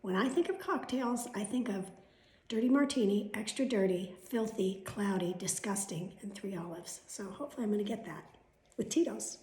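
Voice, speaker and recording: A middle-aged woman with bronchitis vlogs in casual chat, her medium-pitched, slightly mellow voice moving at normal speed in an echoey room. She tells stories bluntly, with sarcasm and swearing.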